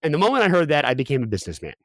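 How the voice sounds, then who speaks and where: A man's voice: fairly high pitch, wildly swooping pitch, very fast, fairly bright tone, no room sound, studio quality. A young man telling a personal story as a guest, candid and full of fillers and restarts.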